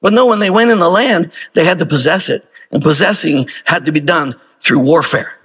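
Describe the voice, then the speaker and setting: A man preaches with a husky, slightly high voice. He talks to his congregation in a loose, conversational way, throwing out rhetorical questions as he goes. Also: fairly quick, fairly bright tone. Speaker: pastor. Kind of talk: sermon.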